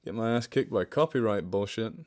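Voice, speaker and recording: A young man with a lowish, slightly mellow voice talks briskly while hosting a livestream. He chats casually with viewers, pokes fun at himself, and answers questions from the chat.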